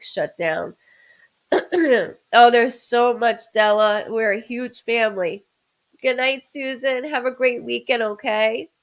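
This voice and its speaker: A woman's voice: on the high side, gravelly, a bit bright, poor audio. A woman doing a live-streamed psychic reading as a medium, rambling with stammered restarts and greeting viewers by name.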